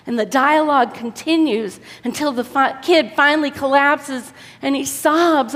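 A woman preacher giving an earnest, exhorting sermon, often dropping soft for emphasis. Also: high voice, normal speed, few pauses. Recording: long hall reverb.

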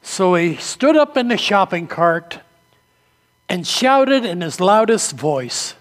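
High-voiced preacher in a reverberant hall. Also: male voice, sing-song, slow, a bit bright. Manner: storytelling preacher, acts out quoted voices. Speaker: pastor. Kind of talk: sermon.

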